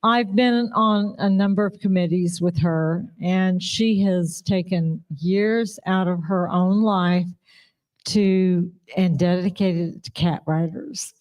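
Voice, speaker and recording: A woman's voice: lowish voice, slow pace, a little mellow. A woman giving an informal, rambling speech at an awards ceremony, repeating herself as she praises a colleague. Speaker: award presenter. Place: live awards event.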